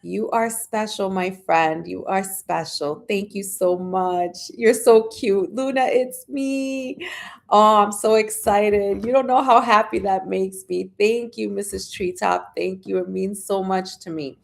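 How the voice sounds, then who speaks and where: A woman hosting a casual live stream, chatting and greeting viewers by name, with sudden high squeals of excitement. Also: unhurried, creaky.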